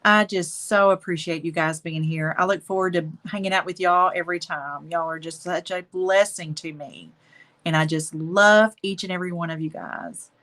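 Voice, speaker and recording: A woman's voice: on the low side, fairly even intonation, normal speed. Chatty woman signing off a stream. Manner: warm, affectionate, chatty, says y'all. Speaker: live painting stream host. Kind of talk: casual live-stream chat.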